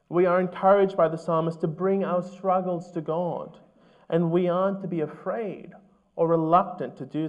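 A man preaching a sermon as pastor, earnest and measured, asking his listeners questions. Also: high-pitched, dull audio.

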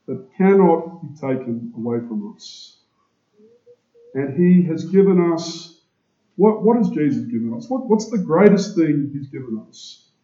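A man delivers a sermon in a very dark, mellow voice, pitched slightly high for a man. He speaks slowly and with emphasis, asking the congregation question after question. The recording is echoey and a little dull, as if taken in a church. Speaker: preacher.

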